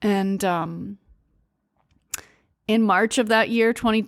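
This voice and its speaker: A woman's voice: medium pitch, takes it slowly, creaky, no room sound, clean studio sound. A young adult woman hosting a podcast, telling a personal story candidly and confessionally, laughing between words. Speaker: podcast host.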